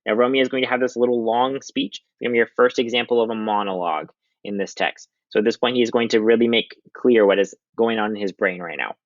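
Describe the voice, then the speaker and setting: A male teacher talks through a literature lesson in a chatty, casual way, leaning on lots of ums. His voice sits low, and the recording sounds dull and dry, as if made close up. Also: fast, no echo.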